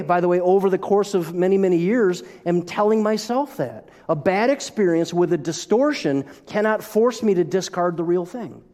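A middle-aged man preaching a sermon as pastor, animated, with joking asides and frequent restarts. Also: high voice. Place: church sanctuary. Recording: long hall reverb.

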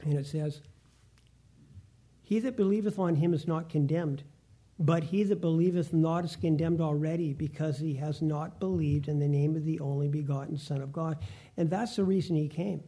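A man preaching a Bible lesson, reading scripture aloud slowly and deliberately. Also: a little high, fairly even intonation, warm tone. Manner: reads verses slowly and deliberately, with restarts.

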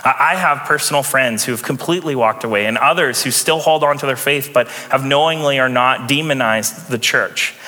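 Bright-voiced young pastor in a hall. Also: male voice, medium pitch, fairly quick, few pauses. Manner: conversational, chuckles often, light sarcasm. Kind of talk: sermon. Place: church sanctuary.

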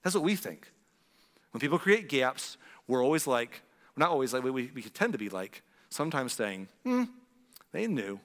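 A man preaching a sermon as pastor, talking in a conversational, animated way and acting out quotes. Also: mid-range voice, moderate pace, in a large hall.

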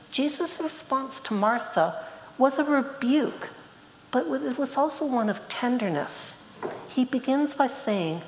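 A woman's voice: a little high, darkish tone, a little hiss or hum. A woman preaching a sermon, speaking earnestly and quoting scripture with rising emphasis. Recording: echoey hall, faint ambience.

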